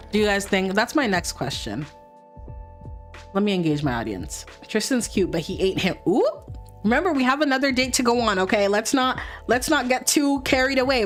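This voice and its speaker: A woman hosting a life-sim let's play, chatting playfully with her viewers as she plays. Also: medium pitch. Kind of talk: casual gameplay commentary.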